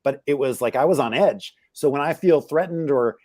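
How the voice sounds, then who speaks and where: A man's voice: fairly high pitch, moderate pace, darkish tone, no room sound, clean studio sound. A middle-aged man as a guest on a live interview, reflecting candidly on his upbringing, searching for words as he goes. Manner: candid, searching, many restarts and fillers. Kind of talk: reflective personal storytelling.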